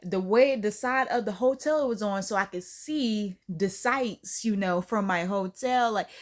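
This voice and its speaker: A woman telling a casual storytime rant as a vlogger, animated and emphatic, repeating her points for effect. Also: mid-range voice.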